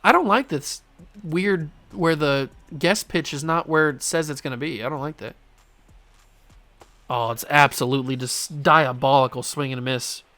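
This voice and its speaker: A young man giving live commentary while playing a baseball video game, groaning when it goes badly and shouting when it goes well. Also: a little high, moderate pace. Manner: animated, swings from frustrated groans to excited shouts. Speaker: gaming YouTuber.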